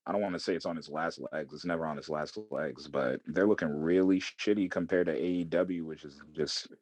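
A man's voice: rumbling low, steady tone, brisk, darkish tone, breathy edge. A man co-hosting a casual podcast, rambling and profane, often laughing between words. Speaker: podcast co-host.

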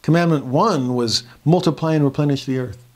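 Teaching scripture earnestly, this man explains things in a fairly high, slightly mellow voice at a brisk pace. When he acts out quoted students, his voice gets louder.

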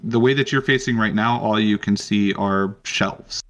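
A man narrating a tabletop game as game master in a relaxed way, with frequent ums. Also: on the low side, moderate pace.

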